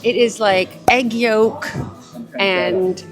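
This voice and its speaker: With faint music behind her, a young woman draws out her words in a mid-range voice of fairly even intonation. She chats effusively to the camera, narrating her day as she moves through streets and shops and calling viewers "darling."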